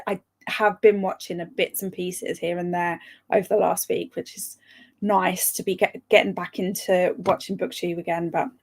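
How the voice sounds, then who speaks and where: A woman's voice: on the low side, vocal fry. A young woman hosting a live stream, chatting casually, laughing often and answering viewer comments. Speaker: livestream host.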